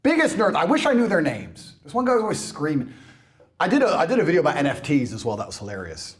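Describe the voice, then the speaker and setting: A man's voice: on the high side, wildly swooping pitch, fast. A man ranting on a podcast in a brash, mocking and emphatic way. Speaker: podcast guest. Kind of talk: provocative podcast rant.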